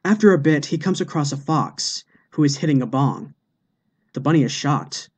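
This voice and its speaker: A man reads jokes aloud in a steady, deadpan way. His voice sits a little higher than most men's. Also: moderate pace, husky. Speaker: joke narrator.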